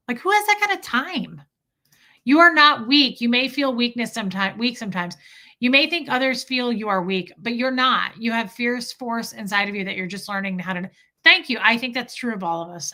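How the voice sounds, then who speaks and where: A woman's voice: medium pitch, sharp tone. A woman hosting a casual livestream, chatting candidly and reacting to viewer comments and super chats.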